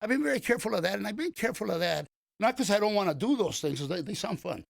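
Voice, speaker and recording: A gravelly older comedian from East Los Angeles tells rambling anecdotes as a guest in a radio studio, full of restarts and fillers. His voice sits high, expressive and very fast, with background noise, in a casual storytelling interview.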